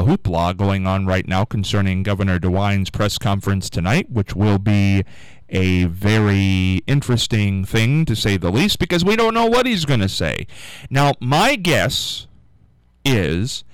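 A man hosting a call-in radio talk show, musing out loud in a rambling way and repeating the phone number for callers. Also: on the low side, clean tone, no room sound, low-quality recording.

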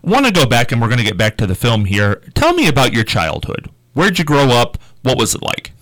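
A man's voice: medium pitch, wildly swooping pitch, a little fast, a bit bright, no room sound. A man with a Midwestern accent hosting an interview, asking brief, curious questions. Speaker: interview host. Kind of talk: conversational interview.

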